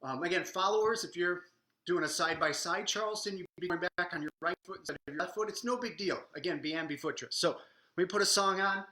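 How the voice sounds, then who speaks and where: A man with a bright, forceful voice teaches a dance lesson in an echoey room. He coaches energetically and counts out the beats while dancing, a little out of breath at times. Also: high voice, fast. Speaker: swing dance instructor. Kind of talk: live online dance lesson.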